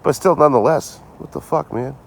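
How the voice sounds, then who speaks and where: A man's voice: mid-range voice, brisk, gravelly. A tipsy man casually chatting on a livestream from his phone, swearing often and trading sarcastic jokes with viewers. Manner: profane, sarcastic and rambling. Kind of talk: casual live-stream chat.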